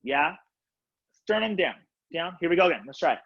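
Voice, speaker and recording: A color guard instructor with a slightly high, creaky voice, lively intonation, and a fairly quick pace leads a live online class, counting out loud with long pauses. He's upbeat and casual, full of fillers, sitting on the floor of a room at home. His laptop webcam on the video call gives dull, lo-fi audio.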